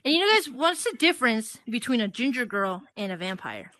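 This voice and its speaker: Bright high-voiced woman doing stand-up. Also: sing-song, a little fast, no echo. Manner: giggles between jokes, chatty. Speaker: stand-up comedian. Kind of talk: stand-up comedy set. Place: virtual reality comedy club.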